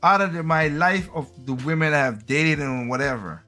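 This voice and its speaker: Man, late thirties, bright voice, slightly high pitch, rambling casual podcast talk. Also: animated, faint music behind. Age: 30s. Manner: laid-back, rambling, halting restarts. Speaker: podcast co-host.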